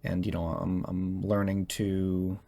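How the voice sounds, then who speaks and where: A young man speaking in a personal confessional monologue, halting and hesitant as he searches for words, tense as he talks. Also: low voice, flat delivery, vocal fry, warm tone. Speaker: vlogger.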